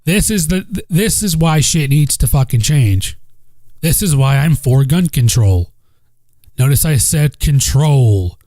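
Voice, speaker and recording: Man, Southern accent, podcast host, casual rant, profane, dark tone, dry home mic. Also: fairly high pitch, lively intonation, unhurried, no room sound. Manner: blunt, profane, repeats himself. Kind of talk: casual solo podcast talk. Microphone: home microphone.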